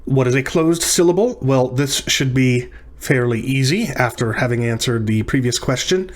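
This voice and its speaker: A man's voice: mid-range voice, moderate pace. Man teaching a recorded language lesson. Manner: explanatory, repeats terms with small restarts. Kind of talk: recorded lecture practice session.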